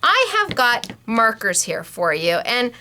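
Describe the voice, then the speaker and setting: A woman hosting a casual craft tutorial, chatty and bubbly and quick to laugh. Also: fairly high pitch, wildly swooping pitch, bright, forceful tone, a little hiss or hum. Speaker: host of a scrapbooking shop channel.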